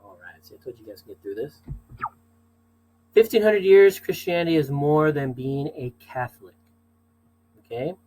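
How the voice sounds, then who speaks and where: A man's voice: on the high side, expressive, moderate pace, long pauses, mellow, low-quality recording. A man teaching a class in a casual, chatty way, with frequent asides and "okay?" check-ins.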